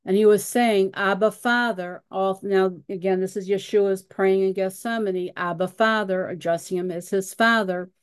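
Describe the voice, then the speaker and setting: Woman teacher reading and explaining scripture, mid pitch, unhurried and halting, dry recording. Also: fairly even intonation, a little mellow, clean tone, dry recording. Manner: reads scripture aloud, pausing often with fillers and repeated "again". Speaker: Bible study teacher. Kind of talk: Bible study teaching.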